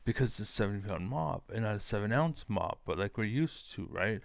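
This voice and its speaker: A man's voice: lowish voice, fast talker, gravelly, hardly any pauses, no echo. A man giving a rambling, profane, combative monologue to camera as a vlogger.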